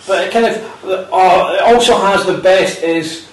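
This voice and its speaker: A dry, rambling man from Britain co-hosting a casual chat, pitched a touch high. His voice rings in an echoey room, picked up from a mic set back. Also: a little slow, far from the mic. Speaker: podcast co-host.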